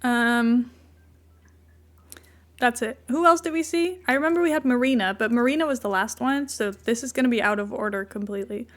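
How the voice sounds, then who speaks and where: A woman's voice: fairly high pitch, brisk. A woman streaming a game in a casual, rambling chat who keeps breaking off to coo at her cat.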